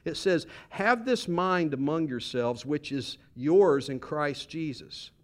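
A middle-aged man, a pastor, preaching a sermon in a church with lively, conversational delivery, joking and asking the congregation questions. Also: a little high, takes it slowly. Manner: animated, conversational preaching with humor and rhetorical questions. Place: church sanctuary.

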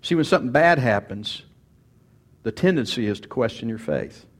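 A man preaching a sermon and teaching from scripture, swinging from loud emphatic bursts to quiet asides and acting out quoted speech. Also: medium pitch, normal speed. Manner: animated, rises loud for emphasis, then drops quiet; acts out quoted speech, repeats words. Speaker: pastor.

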